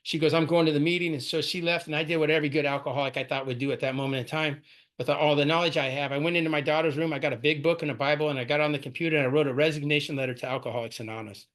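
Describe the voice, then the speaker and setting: A man's voice: a little high, steady tone, rapid-fire, fairly bright tone. A man in his forties tells his recovery story at a meeting, casual and full of "right?" and "man". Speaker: AA speaker sharing his story. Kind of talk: personal recovery talk.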